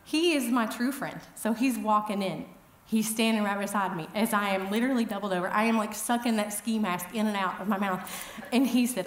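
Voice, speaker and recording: A middle-aged woman speaking at an event, telling funny, self-deprecating stories in a chatty, animated way. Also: medium pitch, a little fast, echoey room. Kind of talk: humorous storytelling talk. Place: event hall.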